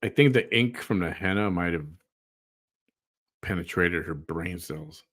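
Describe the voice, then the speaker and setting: A man's voice: deep voice, measured pace, fairly bright tone. A man hosting a livestream, chatting casually and dropping dry, sarcastic remarks. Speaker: livestream host. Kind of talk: casual chat.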